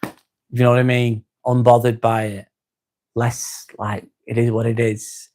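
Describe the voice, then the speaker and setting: A man with an East Lancashire accent hosting a live stream, chatting calmly with viewers, reading their comments and calling them mate as he winds down. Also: mid-range voice, slight background noise. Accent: East Lancashire English. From North West England. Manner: calm, unhurried, winding down, calls people mate.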